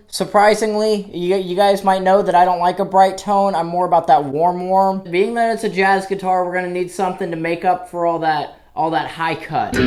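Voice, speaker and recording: Goofy rambling young man vlogging. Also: sits high. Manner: goofy, rambling, self-deprecating jokes. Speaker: guitar YouTuber. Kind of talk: joking casual vlog.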